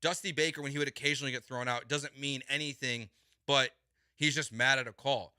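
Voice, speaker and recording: Bright, emphatic male sports radio host. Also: mid-range voice, steady tone, brisk, clear, resonant tone, no room sound, studio quality. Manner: emphatic, exasperated, repeats words for stress. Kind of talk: heated sports talk.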